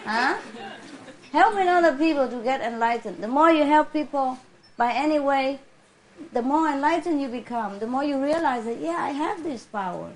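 A woman's voice: high-pitched, moderate pace. Chuckling woman teaching in a spiritual Q&A. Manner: warm, chuckling, conversational, laughs often.

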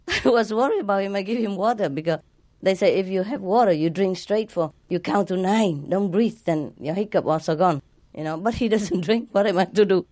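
A woman's voice: medium pitch, expressive, moderate pace, dark tone, no room sound. A spiritual teacher, a woman, chatting casually with a group in non-native English phrasing, laughing often and playfully imitating sounds. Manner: laughs often while talking.

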